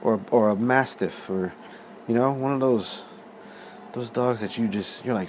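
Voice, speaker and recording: A man's voice: medium pitch, measured pace, slight background noise. Profane casual storyteller man. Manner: profane, animated, laughs often. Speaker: vlog host.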